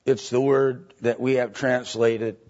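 A man teaching a Bible study lecture, halting with fillers and often checking in with "right?" and "okay?". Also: mid-range voice, steady tone, darkish tone. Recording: dull lo-fi recording.

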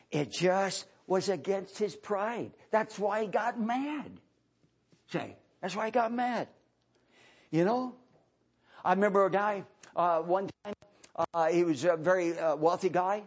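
Husky revival preacher, shouting and hushed. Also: male voice. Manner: swings from shouting highs to low hushed passages. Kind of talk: revival sermon.

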